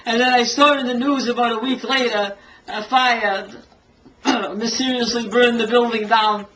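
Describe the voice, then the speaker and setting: An older woman, a singer, telling a story from her early career in an interview. She is a lively storyteller who acts out what people said and laughs often. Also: fairly high pitch, measured pace, slight background noise, rough recording. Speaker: singer and tribute artist to a famous singer.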